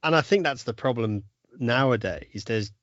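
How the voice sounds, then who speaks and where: A man's voice: mid-range voice, lively intonation, normal speed, a bit bright, dry recording, highs cut off. A man hosting a casual podcast interview, chatty and agreeable, asking long rambling questions. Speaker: podcast host.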